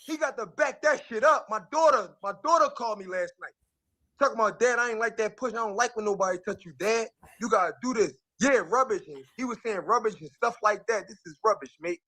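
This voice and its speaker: High-voiced boxer talking trash. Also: male voice, quick pace, bright, forceful tone. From North Philadelphia. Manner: heated, boastful, streetwise slang. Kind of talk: fight-week trash talk interview.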